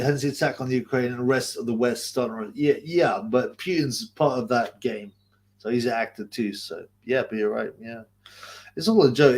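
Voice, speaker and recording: A man's voice: medium pitch, a little mellow. A man, hosting a casual livestream, reading viewer comments aloud, rambling, swearing and laughing often. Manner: crude, rambling, laughs often, repeats himself. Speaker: livestream host.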